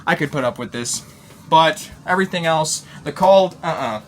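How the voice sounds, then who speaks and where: A man's voice: fairly high pitch, normal speed, a little hiss or hum. A man from Tennessee chatting casually in a rambling vlog, talking from inside a converted bus. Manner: rambling, restarts, relaxed and chatty. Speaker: vlogger.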